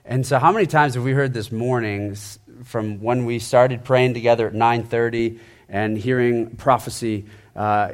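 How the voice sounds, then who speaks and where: A male pastor preaching in a loose, conversational way. He keeps repeating his phrases and sinks into a quiet, soft-spoken emphasis on his key points. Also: mid-range voice. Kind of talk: sermon.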